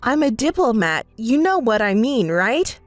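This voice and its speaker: A woman's voice: fairly high pitch, big pitch swings, a little slow, no echo, faint music behind. A woman voicing an evasive, apologetic young husband in a text story, stammering and placating.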